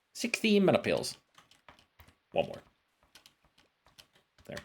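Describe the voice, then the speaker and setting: A man giving casual gameplay commentary as a streamer, with joking, self-deprecating asides. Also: fairly low pitch. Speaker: let's play streamer.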